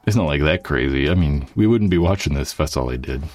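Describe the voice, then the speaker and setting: A man's voice: extremely low pitch, lively intonation, fast, darkish tone, soft background music. A man hosting his YouTube channel, chatting casually to viewers in a rambling way, with lots of fillers and swearing. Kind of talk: casual livestream chat.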